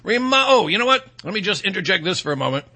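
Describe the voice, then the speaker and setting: A man's voice: high-pitched, big pitch swings, fast, bright, forceful tone. A middle-aged man hosting a political commentary monologue, sarcastic and mocking, rambling with fillers and restarts.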